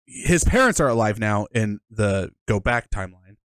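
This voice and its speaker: This co-host of a casual movie review podcast rambles, swears, and restarts often while picking apart plot holes. His lowish, slightly bright voice is smooth and lively in intonation, moving at a normal speed. The recording is dry.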